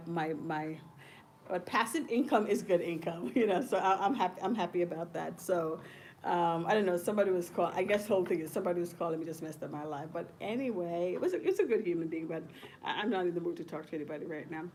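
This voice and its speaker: A woman's voice: on the low side, darkish tone, a little hiss or hum. A woman nursing professor talking casually on camera, chatty and digressive, often breaking into laughter.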